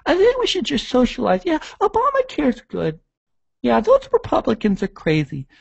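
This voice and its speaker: A man's voice: very high-pitched, wildly swooping pitch, normal speed, gravelly, husky, dry recording, pitched above the performer's own voice, full character voice. Man mimicking a whiny, smug liberal. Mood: mocking. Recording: dull lo-fi audio.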